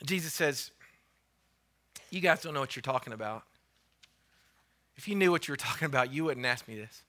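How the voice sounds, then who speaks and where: A male pastor preaching a sermon, retelling a story with lively voices for the characters and repeating phrases for emphasis. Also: medium pitch, moderate pace. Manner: animated storytelling, acting out the voices of biblical figures.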